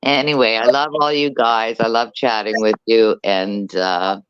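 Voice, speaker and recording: A woman's voice: rumbling low, fairly even intonation, a little slow, smooth, highs cut off. A woman guest on a casual panel chat who moderates the chat, self-deprecating and blunt, laughing often.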